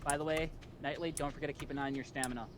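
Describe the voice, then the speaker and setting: A man's voice: a little high, steady tone, rapid-fire. A man streaming a farming game, casually guiding his friends step by step with plenty of "uh" fillers. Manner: directive, patient, gives step-by-step instructions with "uh" fillers. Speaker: streamer leading the farm. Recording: noisy stream audio with keyboard typing.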